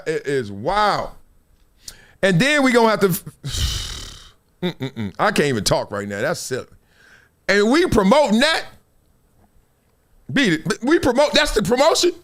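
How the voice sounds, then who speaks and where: A man's voice: sits high, fairly bright tone. A middle-aged man hosting a live stream, reading out news and breaking into slangy, laughing asides. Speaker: host.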